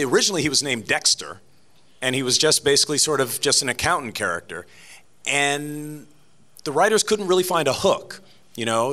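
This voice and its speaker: A man appearing as a guest voice actor on a convention panel answers interview questions in a chatty, animated way, laughing and restarting sentences. His voice is medium in pitch.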